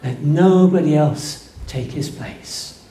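A man preaching a sermon, slow and emphatic, building to fervent peaks. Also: a little high, mellow. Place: church. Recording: echoey church room.

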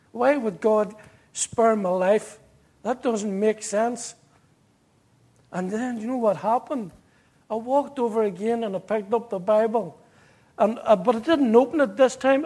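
High-voiced Northern Irish man telling his story. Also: dark tone. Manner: vivid storytelling that acts out quoted dialogue; earnest, at times emotional. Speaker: speaker giving a personal testimony. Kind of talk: personal testimony storytelling.

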